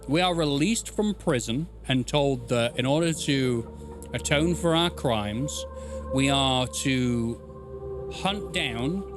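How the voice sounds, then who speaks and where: A man streaming a video game live, rambling and joking, swearing freely as he explains the story. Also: fairly high pitch. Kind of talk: live gameplay commentary. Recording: game music playing behind.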